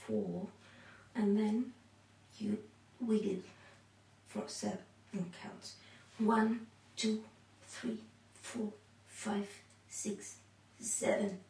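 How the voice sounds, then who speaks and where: A woman demonstrates exercises at home and counts each repetition slowly while she moves. She sounds a little out of breath. Her voice comes from some distance away, in an echoey room. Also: medium pitch, steady tone, gravelly, a little mellow. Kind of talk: counting through a workout demonstration. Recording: echoey room, mic far off.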